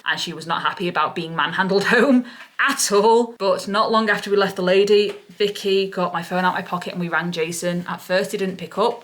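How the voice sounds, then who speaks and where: A lower-voiced woman vlogger speaks with raw relief. She gushes and circles back to the same words again and again. She sounds emotional throughout. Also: fairly bright tone. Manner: gushing, repeats herself over and over. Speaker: parrot-keeping vlogger. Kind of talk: emotional vlog retelling.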